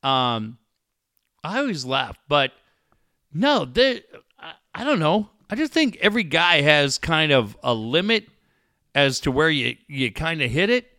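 A man's voice: a little high, unhurried, no room sound, studio quality. A man co-hosting a casual sports talk show, telling stories and acting out quotes. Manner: animated storyteller, acts out quotes.

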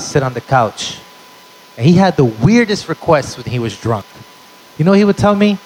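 On a rough recording with a little hiss or hum, a young man whose voice sits on the high side works a live crowd with brash, profane stand-up storytelling.

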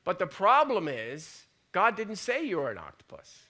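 A man's voice: sits high, wildly swooping pitch, moderate pace, bright, forceful tone. A man preaching a chatty sermon, joking and acting out the voices in his head. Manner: folksy, joking, acts out inner voices. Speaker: pastor. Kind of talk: conversational sermon.

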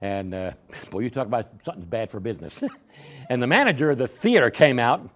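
Speaking fairly quickly at a medium pitch, this man gives his personal testimony to a church Sunday school class. His storytelling is folksy and animated, with many restarts along the way.

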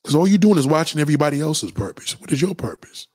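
A man streaming a casual, profane monologue, preachy and animated as he lectures his viewers. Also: on the high side, quick pace, breathy edge, no room sound, studio quality. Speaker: live streamer.

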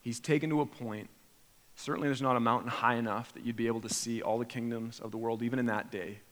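A pastor preaches in a mid-pitched voice with a long reverb, as if in a large hall. He is animated and often acts out imagined prayers, his pitch and volume rising sharply before he drops back to a low, quiet tone.

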